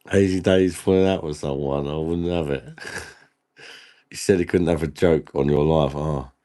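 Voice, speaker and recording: A man's voice: very deep voice, steady tone, normal speed, mellow. A man hosting a casual live stream, laughing often and bantering with viewers in the chat while he drinks.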